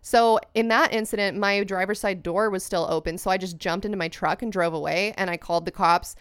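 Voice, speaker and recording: A woman co-hosting a podcast, telling a story in a casual, animated way and acting out what people shouted. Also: mid-range voice, fairly quick, clean tone, dry recording, clean studio sound. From California. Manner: animated, acts out shouted quotes. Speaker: podcast co-host.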